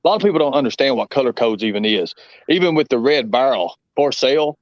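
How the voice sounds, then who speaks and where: A man's voice: mid-range voice, animated, quick pace, no room sound, lo-fi sound. A man with a Southern US accent, chatting as a guest on a live stream, rambling and emphatic with lots of fillers. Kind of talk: casual live-stream chat.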